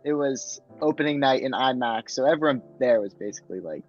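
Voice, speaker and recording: A man's voice: medium pitch, brisk, muffled recording, faint music behind. A young man casually chatting about a movie on a podcast, acting out scenes in different voices. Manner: animated, acts out scenes in voices. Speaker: podcast co-host.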